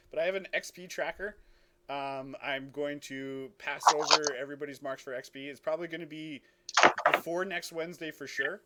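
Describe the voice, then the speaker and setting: A man's voice: mid-range voice, noisy background. Casual, rambling male game master. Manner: casual, many fillers and self-corrections. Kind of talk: running a tabletop game.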